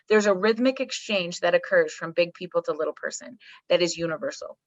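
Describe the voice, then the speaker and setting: A woman's voice: fairly low pitch, expressive, a little fast, hardly any pauses, dry recording, dull audio. A woman psychologist guest talking emphatically on a podcast, swearing casually and checking in with "right?" and "okay". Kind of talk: energetic podcast conversation.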